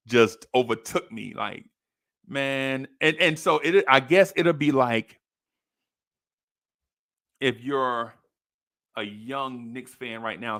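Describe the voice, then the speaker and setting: Animated New man telling a story. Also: no room sound, clean studio sound. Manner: animated, acts out quoted voices with high pitch jumps. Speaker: podcast host. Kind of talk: casual storytelling.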